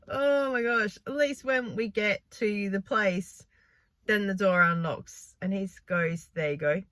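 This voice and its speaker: A woman, chatting casually in a vlog and telling stories in an animated way with frequent laughs. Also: mid-range voice, takes it slowly, long pauses, dry recording. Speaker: vlogger. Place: in a car.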